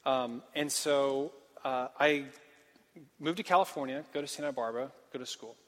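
A man's voice: mid-range voice, moderate pace. A young man from Portland, Oregon, telling a personal story in a casual, self-deprecating sermon style. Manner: animated, self-deprecating, casual filler-heavy. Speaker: speaker. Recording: long hall reverb.

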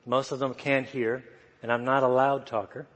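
Soft-spoken male preacher, mid-pitched, easy storytelling, reverberant church hall. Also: flat delivery, normal speed. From United States. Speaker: guest preacher. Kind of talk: sermon storytelling.

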